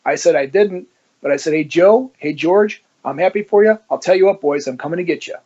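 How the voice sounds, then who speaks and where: Guy telling his story, acts out all the voices, a bit high pitched, muffled lo-fi sound. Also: fairly quick. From Ohio, United States. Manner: animated storyteller who acts out quoted dialogue. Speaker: guest, former police officer.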